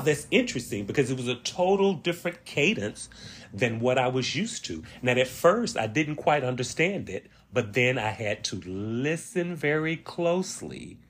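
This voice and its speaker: A man with a Southern accent hosting a reflective solo monologue, speaking slowly and deliberately with drawn-out emphasis. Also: mid-range voice, fairly bright tone, breathy edge. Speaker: podcast host. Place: Washington, D.C.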